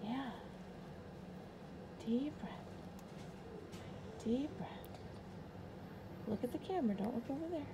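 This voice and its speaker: A woman's voice: sits high, lively intonation, takes it slowly, pauses often, background noise. A woman vlogging at a hospital clinic, talking a child through a procedure in a soothing, repetitive way. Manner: soothing, coaching breaths, repeating herself. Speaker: parent vlogger. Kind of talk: vlog chat and soothing a child.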